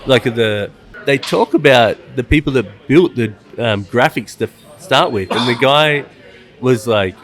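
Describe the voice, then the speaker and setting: A man's voice: mid-range voice, lively intonation, a little slow, a bit bright. A man hosting a podcast in casual chat, laid-back, swearing and laughing easily. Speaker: podcast host and illustrator. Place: coffee shop.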